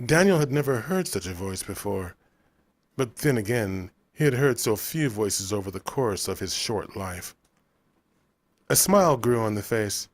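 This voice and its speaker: A low-voiced man narrating a novel in a measured, even storytelling way. The recording is dry and close, with no room sound around him. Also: no echo. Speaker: audiobook narrator.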